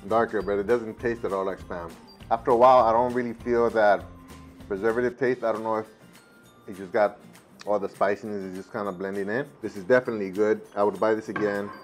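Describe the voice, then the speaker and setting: A man's voice: lowish voice, a little fast, faint music behind. A man doing a casual food taste test on camera, thinking aloud between bites. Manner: relaxed, thinking aloud while chewing; switches between English and Spanish with a child. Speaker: food reviewer.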